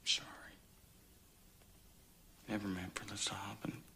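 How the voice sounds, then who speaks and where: Film role: a desperate Northern Irish fugitive, low and gravelly, near-whisper. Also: male voice, level tone, measured pace, a little hiss or hum, full character voice. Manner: hushed, half-whispered. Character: young male fugitive, desperate and hushed.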